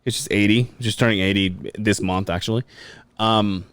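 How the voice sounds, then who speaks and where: A man's voice: fairly low pitch, steady tone, normal speed, smooth, no room sound. A man from Mexico, a podcast co-host, chatting casually and rambling with lots of fillers and restarts. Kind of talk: casual chat.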